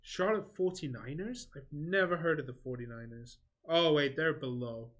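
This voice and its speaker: A man's voice: fairly high pitch, normal speed. A man hosting a game livestream, chatting casually and answering viewers between comments on the game. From England.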